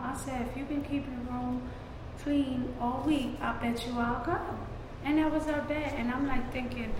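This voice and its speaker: A woman's voice: a little high, echoey room, in a large hall, background noise. A woman, a mother, telling a casual personal story about her son and church. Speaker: group member sharing a testimony. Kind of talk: personal testimony.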